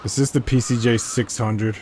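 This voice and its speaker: A gameplay commentator with a medium-pitched, darkish voice keeps a steady tone and moderate pace. He chats loosely while playing, rambling and questioning himself in casual let's-play fashion, with slight background noise.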